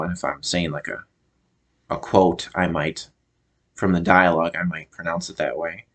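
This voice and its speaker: Deep-voiced American man, halting review. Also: fairly bright tone. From United States. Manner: halting, often stops to search for words. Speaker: show reviewer. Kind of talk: casual review monologue.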